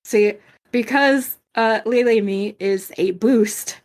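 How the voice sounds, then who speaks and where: Animated swearing woman podcaster. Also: on the high side, slow. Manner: animated, swears and laughs often. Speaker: podcast co-host. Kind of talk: casual chat.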